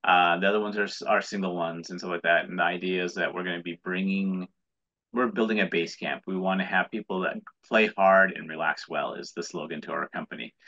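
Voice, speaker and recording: Gravelly, bright-toned American man. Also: low-pitched, steady tone, brisk. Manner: rambling, earnest, with many restarts. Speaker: guest, entrepreneur. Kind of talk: casual interview talk. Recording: dull lo-fi audio.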